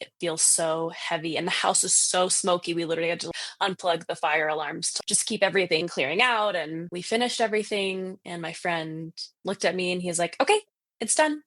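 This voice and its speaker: A woman in her thirties, a podcast guest, telling a story in lively casual chat, full of fillers and laughs. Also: fairly low pitch, no room sound. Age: 30s. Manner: animated, lots of fillers and laughs, acts out quotes.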